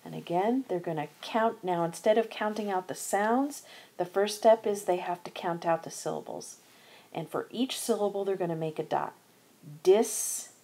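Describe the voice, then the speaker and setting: A woman's voice: fairly low pitch, normal speed, darkish tone. A woman narrating an instructional screencast as a teacher, methodically sounding out letters and syllables one by one. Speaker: teacher educator.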